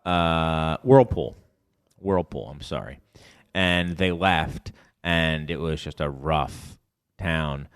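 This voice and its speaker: A man's voice: a bass voice, takes it slowly, smooth, no echo, clean studio sound. A man co-hosting a podcast in casual chat, rambling and searching for words as he talks. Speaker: podcast co-host.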